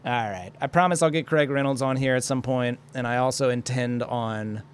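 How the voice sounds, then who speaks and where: Man, young adult, solo podcast rant, rambling, swearing, self-mocking, mid pitch, faint hiss. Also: normal speed. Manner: rambling, profane, self-deprecating. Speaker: podcast host. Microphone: studio microphone.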